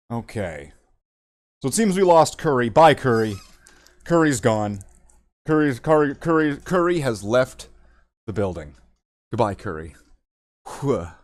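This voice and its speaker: A Canadian man paints models while hosting a casual livestream, rambling, making fun of himself and repeating words as he goes. He has a mid-range voice, and the recording is dry.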